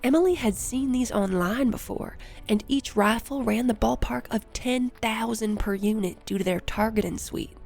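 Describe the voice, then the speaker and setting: Woman reading an action audiobook, gravelly fry in her voice, soft music under. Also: on the high side. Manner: measured, even storytelling. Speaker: audiobook narrator. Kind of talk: scripted narration. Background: faint music.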